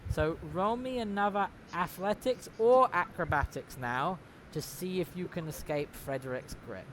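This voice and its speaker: A man's voice: high-pitched, measured pace, background noise. A man narrating as game master in a tabletop game, casual and swearing freely.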